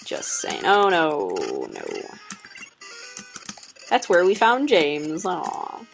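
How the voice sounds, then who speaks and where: Young woman, let's player, low voice, swears freely, laughs a lot, chatty with viewers. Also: wildly swooping pitch, drawn-out words, vocal fry, soft background music, low-quality recording. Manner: chatty, talks to viewers while playing. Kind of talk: casual gameplay commentary.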